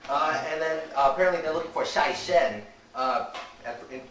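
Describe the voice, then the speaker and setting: A man's voice: a little high, moderate pace, a bit bright. A young man casually recapping a movie's plot, rambling through it with endless "and then" and "he's like.". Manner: meandering, full of "and then" and "he's like". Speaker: amateur movie reviewer. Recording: echoey room, mic far off, faint hiss.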